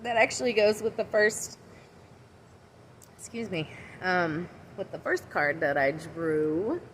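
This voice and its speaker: Woman, lowish voice, tarot reader, casual livestream, chatty, outdoors, faint background noise. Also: lively intonation, slow pace, rough recording. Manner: chatty and rambling, talks to viewers by name. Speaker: tarot and oracle card reader. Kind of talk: casual livestream card reading. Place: outdoors outside her house.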